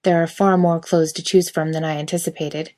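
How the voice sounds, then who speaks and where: A woman voicing a stiff, literal-minded male angel who speaks formally and calmly. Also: low-pitched, brisk, natural voice. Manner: formal, plain and calm.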